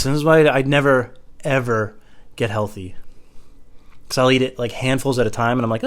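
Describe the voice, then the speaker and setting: A young man doing a rambling, crude, self-mocking comedy monologue at home, jumping into silly high voices. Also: a little fast. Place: home room.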